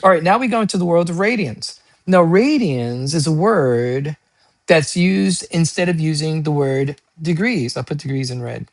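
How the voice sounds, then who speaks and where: A man teaching an SAT math lesson, energetic and chatty, asking questions and answering them himself in casual slang. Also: fairly high pitch, normal speed, no room sound. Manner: energetic, asks and answers his own questions.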